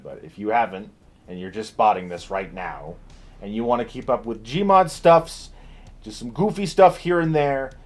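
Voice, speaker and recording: A man talking to viewers in an unscripted casual vlog, rambling, self-deprecating, often laughing and swearing. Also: lowish voice. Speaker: video creator.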